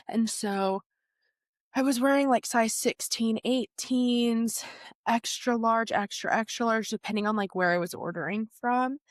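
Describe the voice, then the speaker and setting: A woman's voice: medium pitch, no room sound. Young woman telling her story, dry sound. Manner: animated retelling, laughs often, acts out quotes. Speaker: podcast guest. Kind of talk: personal storytelling.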